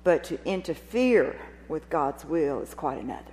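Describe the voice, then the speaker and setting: Expressive woman preaching in a reverberant hall. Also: low voice, moderate pace. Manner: expressive, dramatic storytelling with rhetorical questions. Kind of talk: sermon retelling a Gospel scene. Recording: long reverb of a large hall.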